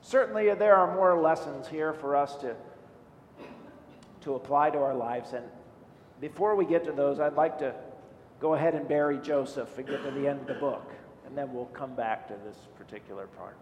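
A male pastor preaches in an earnest, searching way and leans on rhetorical questions. His voice sits a little high for a man. It rings through a large, echoey hall with a long tail of reverb and a faint low rumble underneath. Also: normal speed. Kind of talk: sermon.

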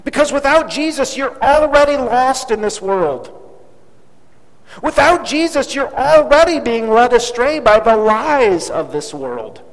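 Animated high-voiced preacher in a hall. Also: male voice, unhurried. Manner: dramatic, emphatic repetition. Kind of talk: sermon with storytelling. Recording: long hall reverb.

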